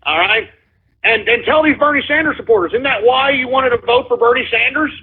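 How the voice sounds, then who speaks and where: A man's voice: extremely high pitch, a little fast. A man hosting a call-in radio show, ranting heatedly with lots of profanity and repetition. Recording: lo-fi phone-like sound.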